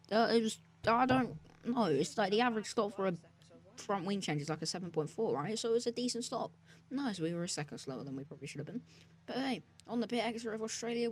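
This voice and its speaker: Male gaming creator, joking sarcastic race commentary. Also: high voice. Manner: joking, self-mocking and sarcastic. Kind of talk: narrated racing game commentary. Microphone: desk mic, sometimes speaking off-mic.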